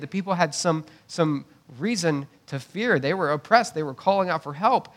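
A man's voice: a little high, expressive, normal speed, few pauses. A man preaching a conversational sermon, often repeating words as he restarts and checking in with "right?". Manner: conversational preaching with asides and tag questions. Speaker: pastor.

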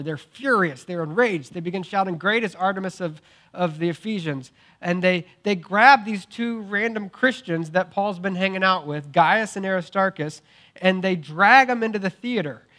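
A young adult man preaching a sermon, telling the story in a casual, animated way with filler words and acted-out quotes. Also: high voice, normal speed. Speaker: pastor.

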